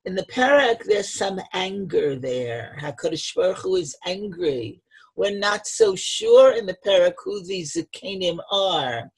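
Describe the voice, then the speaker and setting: A woman's voice: on the low side, big pitch swings, unhurried, creaky, husky. A woman teaching a text-study lesson, reading each source phrase and then explaining it, retelling scenes with dramatic emphasis. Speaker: Torah teacher.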